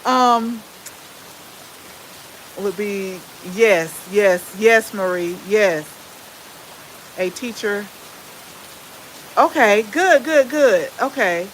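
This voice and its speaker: A woman with a Southern US accent and a relaxed drawl, chatting casually with viewers as the host of a gardening channel. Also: medium pitch, very slow, long pauses, a little hiss or hum, rough recording. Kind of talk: casual live-stream chat with viewers.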